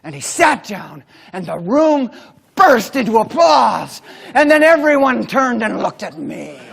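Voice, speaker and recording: Animated man telling a keynote story. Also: sits high, gravelly, breathy edge. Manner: dramatic, animated storyteller with long pauses. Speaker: keynote speaker. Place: stage before a large audience.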